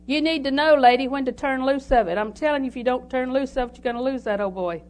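A woman's voice: sits high, quick pace, a little hiss or hum. Folksy woman preaching a sermon. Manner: folksy storytelling with scripture reading.

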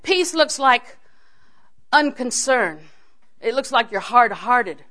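A woman delivering a sermon with a somewhat high voice. She moves between teaching and homely stories, asking her listeners questions as she goes and laughing readily. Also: lively intonation, takes it slowly, pushed and bright. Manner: chatty storytelling, asks the audience questions, often laughs. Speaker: preacher. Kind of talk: sermon with humorous anecdotes.

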